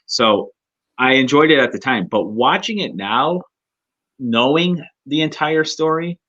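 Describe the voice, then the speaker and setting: A man's voice: medium pitch, animated, unhurried, bright, forceful tone, highs cut off. A man co-hosting a casual talk show, chatting loosely with frequent laughs and restarts. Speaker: podcast co-host. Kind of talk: casual chat.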